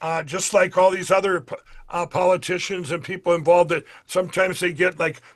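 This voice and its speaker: A man being interviewed, telling a story in a casual, animated way, acting out the dialogue and often restarting his sentences. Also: high-pitched, normal speed. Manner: animated retelling, acts out quoted dialogue, frequent restarts; addresses the audience directly. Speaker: interview guest.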